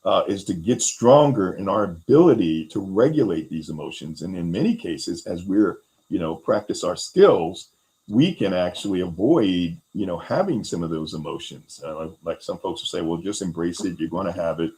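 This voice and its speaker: A man hosting a talk, explaining resilience skills in a relaxed conversational way, with many fillers and quick acted-out quotes. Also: sits low, poor audio. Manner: animated, acts out quoted voices, many fillers. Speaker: host.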